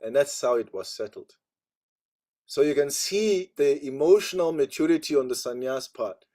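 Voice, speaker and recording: A man giving an online religious class, talking through a story at a relaxed, conversational pace. He keeps checking in with his listeners with little asides, his pitch sitting in an ordinary middle range. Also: moderate pace. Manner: conversational, frequent "you know" asides. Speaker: spiritual teacher.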